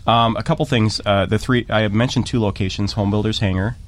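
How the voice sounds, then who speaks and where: Man guest, lowish voice, halting explainer with lots of ums. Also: steady tone. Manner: halting, many fillers and restarts. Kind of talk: radio interview.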